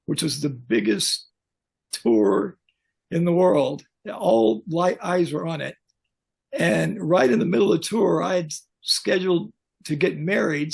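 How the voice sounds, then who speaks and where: A man's voice: high-pitched, gravelly, husky. An older man, a veteran pyrotechnics technician, telling blunt, joking stories in an interview over a video call. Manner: blunt, joking, animated anecdotes. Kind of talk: casual storytelling interview.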